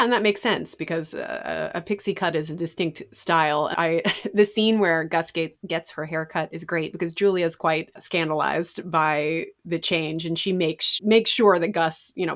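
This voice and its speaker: A woman hosts a podcast interview with a somewhat low voice. She talks in a relaxed, conversational way. She asks her questions and adds dry jokes. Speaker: podcast host.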